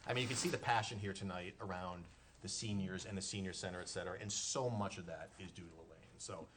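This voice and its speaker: A man with a Boston-area accent chairs a town board meeting, brisk and self-deprecating, joking between votes. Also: low-pitched, fairly even intonation. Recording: noisy public-access meeting audio.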